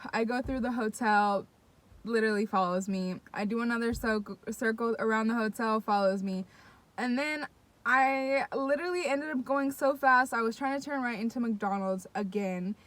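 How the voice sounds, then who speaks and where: A young woman tells a story straight to her viewers with a voice that sits a little on the high side. Her casual chat is excitable and full of swearing, and she keeps speaking directly to the audience. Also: moderate pace, no room sound. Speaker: vlogger.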